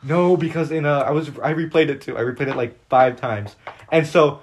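A man co-hosting a casual podcast chat, telling stories in a rambling, excitable way full of fillers. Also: on the high side, brisk, a little hiss or hum. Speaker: podcast co-host.

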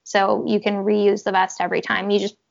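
A woman casually chatting, telling an animated personal story and acting out what people said. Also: mid-range voice, brisk, creaky, highs cut off. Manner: animated storytelling, acts out quotes, laughs often. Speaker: horse rider telling her story. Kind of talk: casual podcast chat.

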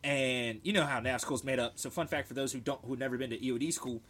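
A young man on a casual podcast, telling military stories in an animated, swearing way and shouting out the lines he quotes. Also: medium pitch, quick pace. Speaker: podcast co-host, military veteran. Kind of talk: casual storytelling chat.

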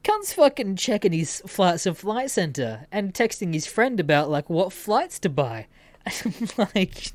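A woman's voice: mid-range voice, big pitch swings, a little slow, no echo. A woman hosting a casual storytelling podcast, swearing freely and laughing as she talks. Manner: swears freely, laughs while telling stories. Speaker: podcast host.

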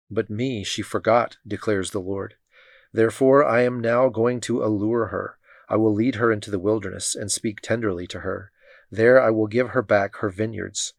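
Guy reading bible passages, lowish voice, measured pace, dead dry sound. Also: creaky, no room sound. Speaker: scripture reader.

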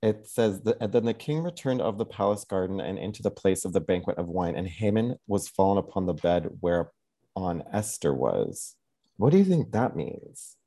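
Deep mellow guy on a podcast, retelling a story, joking around and swearing. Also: moderate pace. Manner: animated retelling with crude jokes. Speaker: podcast co-host. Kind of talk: casual podcast chat.

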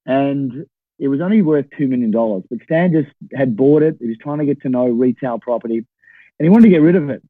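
A man in his sixties spins an animated story, often checking in with a quick "right?". His voice comes through a tinny, phone-like line with a dry, close sound. His pitch sits in the middle for a man. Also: no room sound. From Australia. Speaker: podcast guest, property investor. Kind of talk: storytelling in a conversation.

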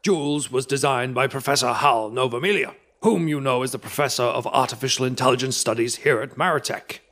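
An eccentric old academic, played by a man who talks in calm, formal sentences. He is self-assured and unbothered, in an ordinary middle-pitched voice. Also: natural voice. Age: older. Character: eccentric old male professor, calm and pompous. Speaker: professor.

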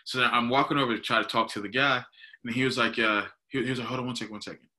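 Bright-voiced young man telling a story. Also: medium pitch, very fast. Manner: animated, laughing, says "dude" and "bro". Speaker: podcast co-host. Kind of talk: casual storytelling chat.

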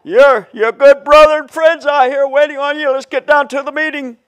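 A man voicing an overly cheerful man who shouts everyone awake at dawn, loud, high and gushing. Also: animated, fast talker.

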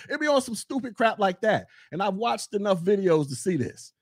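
A man doing a casual commentary podcast from his desk at home, blunt and mocking with loud bursts. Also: high voice, very animated, normal speed, no echo, clean studio sound.

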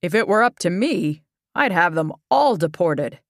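A woman voicing a reclusive, bigoted older father who speaks in slow, curt pronouncements. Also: fairly low pitch, animated, dry recording, clean studio sound. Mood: dismissive.

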